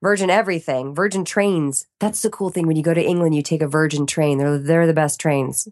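Lively woman with dry close sound. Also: deep voice, fairly quick, dry recording. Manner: lively, animated storytelling with playful asides. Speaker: podcast guest, voiceover artist. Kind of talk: casual chat.

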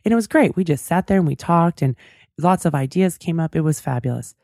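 A woman's voice: deep voice, expressive, brisk, darkish tone, no echo, studio quality. A woman hosting a talk show, telling a personal story in a chatty, reflective way with lots of asides. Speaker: podcast host. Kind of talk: casual storytelling monologue.

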